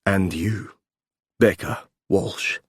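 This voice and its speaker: A man doing a deep, tender romantic lead. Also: measured pace, breathy edge, no echo, studio quality. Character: tall rugged man, tender and teasing.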